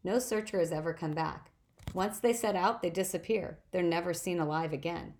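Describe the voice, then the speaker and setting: A woman with a gravelly voice reading the lines of an earnest young male satyr in a storybook, wistful and at times indignant. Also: on the low side, moderate pace, a little mellow, close to an everyday voice. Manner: pleading, wistful, indignant at humans.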